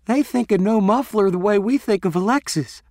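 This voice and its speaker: A man voicing a chatty, giggly teenage girl who gossips despite herself, in a breathy, excitable manner. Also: sits high, normal speed, no echo, clean studio sound, pitched above the performer's own voice.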